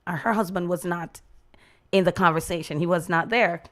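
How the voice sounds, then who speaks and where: A Jamaican woman hosting a radio program, telling a story in a chatty, animated way and acting out the voices of the people she quotes. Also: on the low side, moderate pace. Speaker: radio host. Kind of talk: casual storytelling monologue.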